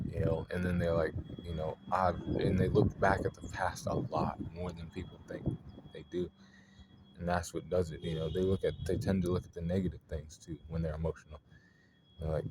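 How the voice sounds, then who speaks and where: Low-voiced man rambling over loud noise. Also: fairly even intonation, moderate pace. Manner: rambling, loose and slangy, many fillers. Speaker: astrology vlogger. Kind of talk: casual off-the-cuff talk.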